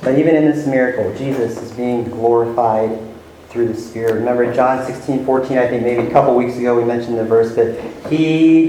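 A pastor with a mellow, mid-range voice preaches verse by verse, stressing key words with rising emphasis. The very echoey room has faint ambience and a little hiss or hum.

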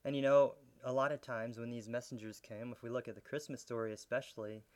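Male pastor, sermon delivery, earnest teacher, mid-pitched voice, builds intensity. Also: steady tone, fast, a little mellow.

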